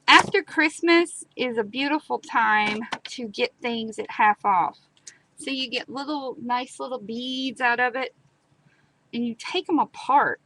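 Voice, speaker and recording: A woman whose high-sitting voice sounds pushed and bright comes through poor audio on a live stream with clear background noise. The craft host chats, tells stories with dramatic repetitions and demonstrates a craft project.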